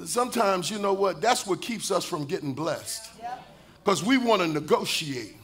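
Pastor, male, high bright voice, preaching with call-and-response, rising to shouts and sung lines. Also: expressive, moderate pace. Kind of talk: sermon.

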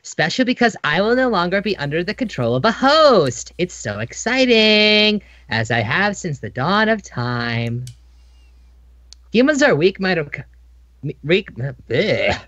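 A woman's voice: lowish voice, sing-song, fairly bright tone, no room sound, lo-fi sound. A woman hamming up a scheming diva villain. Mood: grandiose. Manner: dramatic, drawn-out monologue delivery. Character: scheming female villain singer. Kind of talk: hammy voiceover of game dialogue.

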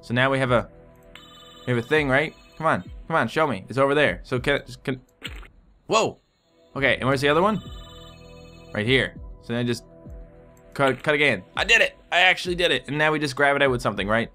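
A man giving excitable let's play commentary as he plays, swearing and yelling at his patients in a surgery game. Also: mid-range voice, fairly quick, pauses often, soft background music. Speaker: gaming video host.

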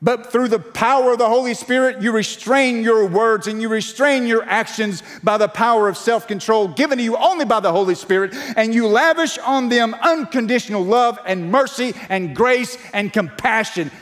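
A male pastor preaching a sermon to a live congregation, earnest and urging, sometimes hushed and sometimes leading loud proclamations. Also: high-pitched, normal speed, hardly any pauses. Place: church sanctuary. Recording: long church reverb with faint music.

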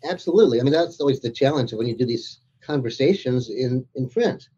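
Author guest: man, warm husky voice, chatty anecdotes with laughs, dull lo-fi audio. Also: mid-range voice, lively intonation, a little fast. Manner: chatty storyteller, laughs through his anecdotes. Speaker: author being interviewed. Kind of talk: anecdotal interview conversation.

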